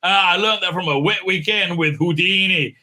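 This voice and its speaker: A man putting on a high, mocking voice to parody a smug, scatterbrained woman time-traveller. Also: moderate pace, bright, forceful tone.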